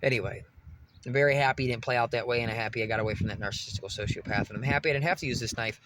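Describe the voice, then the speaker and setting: Young dude vlogging, cursing a lot, bright sharp voice, rambly. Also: male voice, medium pitch, very fast, a little hiss or hum. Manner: profane, rambling, excitable. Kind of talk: casual monologue to camera.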